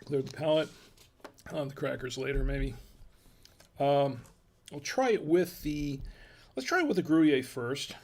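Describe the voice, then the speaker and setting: American guy with a slightly high voice, folksy wine review chat, mumbles between sips. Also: unhurried, pauses often, darkish tone, slight background noise. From United States. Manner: chatty, folksy, murmuring while tasting. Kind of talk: casual tasting chat.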